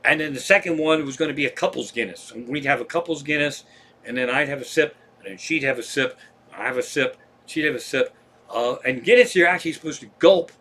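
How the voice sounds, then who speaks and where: A middle-aged man with a Pennsylvania accent, a comedian telling a profane, animated story on a live stream. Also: mid-range voice, a little fast.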